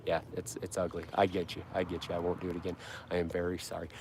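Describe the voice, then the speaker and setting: A man's voice: deep voice, completely flat delivery, fast talker, a little mellow, husky. A man from Utah hosting a casual lawn care livestream, rambling and correcting himself as he reads viewer comments with a joking tone. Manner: rambling, self-correcting, jokey.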